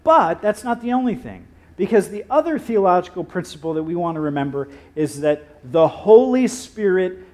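A male pastor preaching a sermon, telling stories with acted-out quotes and dramatic pauses. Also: high voice, a little mellow.

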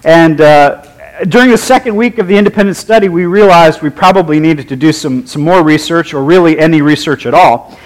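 A man's voice: on the high side, fairly quick, low-quality recording. A man preaching a sermon, leading a prayer and telling personal stories in a wry, humorous, conversational way.

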